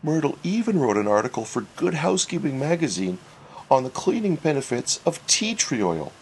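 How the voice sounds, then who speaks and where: A man reading a humorous story aloud, wry and expressive. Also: on the high side, moderate pace, slight background noise. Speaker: narrator. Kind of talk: storybook narration.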